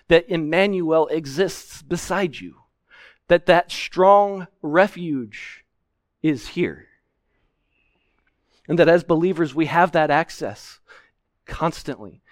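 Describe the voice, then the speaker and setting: A man's voice: a little high, slow, long pauses, dry recording, studio quality. A man preaching a sermon from a pulpit, explaining scripture earnestly and with emphasis. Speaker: pastor. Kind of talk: expository sermon. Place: church sanctuary, at a pulpit.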